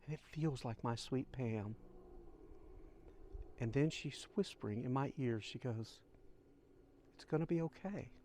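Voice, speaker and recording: A man's voice: mid-range voice, a little slow, pauses often, dark tone, slight background noise. An older man, a channel host, telling a heartfelt personal story straight to his listeners. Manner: heartfelt, addresses listeners as folks.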